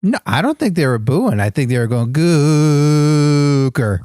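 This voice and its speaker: A man's voice: medium pitch, huge pitch swings, fast talker, darkish tone, dry recording, clean studio sound. A man co-hosting a comedy podcast, earnestly enthusiastic in a goofy way. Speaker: podcast co-host. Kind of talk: comedic banter.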